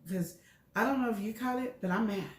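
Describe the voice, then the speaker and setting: A woman's voice: a little high, brisk, echoey room. Candid, chatty middle-aged woman. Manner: candid, animated storyteller acting out dialogue. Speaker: show co-host. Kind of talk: casual health chat.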